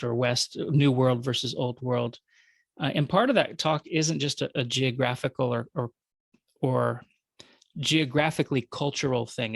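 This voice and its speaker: Minnesota-accented man guest, gravelly, loose and jokey, dry recording. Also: mid-range voice, dry recording. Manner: rambling, self-correcting, joking. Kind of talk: conversational interview.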